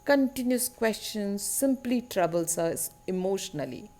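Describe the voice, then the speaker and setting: Slow, deliberate woman teacher explaining a poem. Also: medium pitch, lively intonation, a little mellow. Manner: slow, deliberate explaining, repeating key words, with rhetorical tag questions. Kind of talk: literature lesson explaining a poem.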